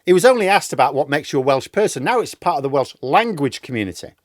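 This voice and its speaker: Sarcastic man with a lively, dry delivery. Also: fairly high pitch, fast, no echo. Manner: sarcastic, mocking. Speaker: political commentary host. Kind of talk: political commentary monologue.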